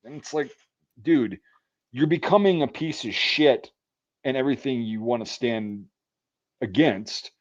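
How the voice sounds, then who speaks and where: A man's voice: mid-range voice, unhurried, long pauses, muffled recording. A man in his thirties, a military veteran, telling a story in casual chat with lots of swearing and acted-out quotes. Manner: profane, animated storyteller acting out quotes. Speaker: podcast host, military veteran.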